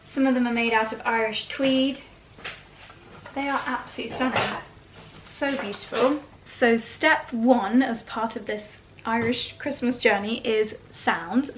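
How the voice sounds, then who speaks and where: A woman's voice: a little high, a little slow, a little hiss or hum, low-quality recording. A woman hosting her own vlog, chatting casually and gushing as she unboxes gifts. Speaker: vlog host.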